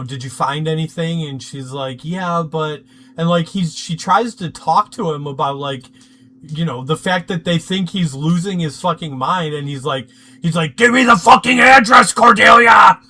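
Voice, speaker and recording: A man's voice: a little high, measured pace, a bit bright. A man co-hosting a podcast in a casual chat, laughing easily and retelling scenes by quoting the characters. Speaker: podcast co-host.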